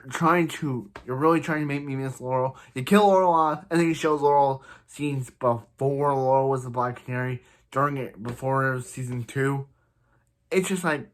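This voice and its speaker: A man with an ordinary mid-range voice recaps a TV episode in casual, rambling talk. He sounds exasperated and gives blunt opinions throughout. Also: medium pitch. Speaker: TV show reviewer.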